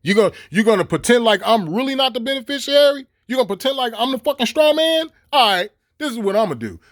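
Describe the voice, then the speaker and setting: Middle-aged man with a high, dry voice; cussing, stop-start vlog rant. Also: no echo. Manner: animated and swearing, with laughs and repeated stammered restarts. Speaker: vlogger. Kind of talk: profane ranting monologue.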